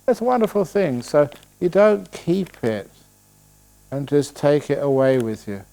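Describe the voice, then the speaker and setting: A man, a Buddhist monk, giving a relaxed dharma talk at a retreat, telling stories and answering questions with playful humor. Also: on the high side, gravelly. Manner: storytelling, playful, slows voice to demonstrate calm. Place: retreat hall.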